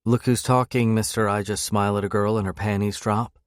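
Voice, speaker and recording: Man reading as a dry guarded young woman, cool and terse, low voice, close dry sound. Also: fairly even intonation, brisk, no echo, close to an everyday voice.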